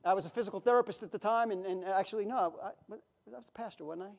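A pastor preaching a sermon in a conversational, emotional way, with sudden loud outbursts. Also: male voice, high voice, fast talker, vocal fry.

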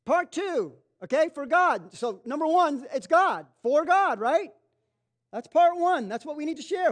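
High-voiced emphatic male preacher. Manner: emphatic, repeats and asks the room questions; swings from loud stressed points to low quick asides. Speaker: pastor teaching a class. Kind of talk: sermon-style Bible teaching.

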